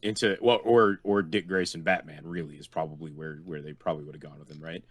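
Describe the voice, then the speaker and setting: Deep-voiced man with a dry, teasing wit. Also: fairly even intonation, quick pace, breathy edge, dry recording. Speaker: podcast co-host. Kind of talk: casual chat.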